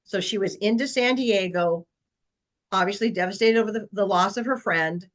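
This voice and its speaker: A woman's voice: mid-range voice, moderate pace, low-quality recording. A woman real estate agent presenting a webinar session, telling a long client story in an earnest, anecdotal way with frequent fillers.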